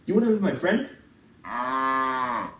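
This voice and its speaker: A man hosting a playful kids' lesson, his pitch leaping all over in a singsong, animated way. He speaks slowly and deliberately for little listeners. The voice sits back from the mic in an echoey room. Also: distant mic, a little hiss or hum. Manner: animated, singsong, talks straight to young kids. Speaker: children's language teacher.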